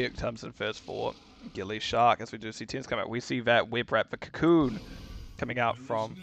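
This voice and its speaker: Male esports caster, New Zealand accent, casual play-by-play, mid-pitched voice. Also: a bit bright. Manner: rapid play-by-play, casual asides. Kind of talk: live esports commentary.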